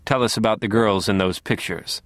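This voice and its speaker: A man doing a cold, quiet killer's inner voice. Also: fairly low pitch, fairly even intonation, moderate pace, no room sound, close to an everyday voice. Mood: cold, gentle. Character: cold, gentle menacing inner voice of a killer, male.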